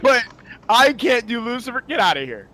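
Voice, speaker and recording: A man's voice: very high-pitched, sing-song, moderate pace, very noisy. A man co-casting a card game tournament stream, joking with his co-hosts, laughing often and tacking "man" onto his lines. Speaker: stream co-caster. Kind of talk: casual esports stream banter.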